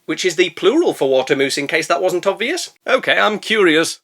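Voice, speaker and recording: A man narrating a comedic film recap, sarcastic and deadpan, full of puns. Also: high-pitched, brisk, hardly any pauses. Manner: sarcastic, punning, deadpan asides. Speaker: film reviewer.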